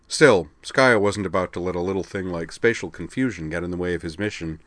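Man, very low voice, steady story narration, dry sound. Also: brisk, few pauses, no room sound. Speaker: story reader. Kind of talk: audiobook narration.

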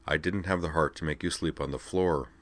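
A man doing a deadpan, gentlemanly young man. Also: very deep voice, a little fast. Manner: dry, deadpan, quiet. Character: calm, gentlemanly young man, dry wit.

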